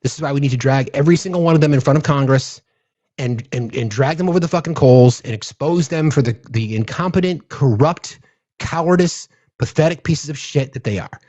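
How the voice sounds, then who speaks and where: A man's voice: medium pitch, fairly quick, a little mellow, highs cut off. A man hosting a political livestream, ranting angrily and profanely, often repeating himself as he thanks viewers. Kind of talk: angry political rant on a livestream.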